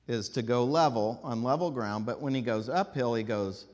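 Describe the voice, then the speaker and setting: A man teaching a group, animated, singing out drawn vowels to show how the pitch moves. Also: moderate pace, few pauses. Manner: animated, demonstrates tones by singing out long vowels. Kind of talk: classroom lesson. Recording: long hall reverb.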